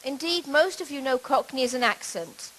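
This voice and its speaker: Woman, middle-aged, lecturing on stage, measured explanatory delivery, slightly high voice. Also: expressive, a bit bright, low-quality recording. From Britain. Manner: measured, explanatory, with occasional restarts. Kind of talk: conference talk on language.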